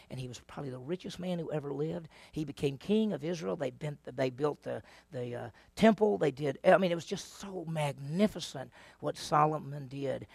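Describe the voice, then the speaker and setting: Animated gravelly bible teacher. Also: male voice, a little high, no room sound. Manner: animated storyteller, asks the class questions, acts out voices. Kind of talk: lively Bible lesson to a class.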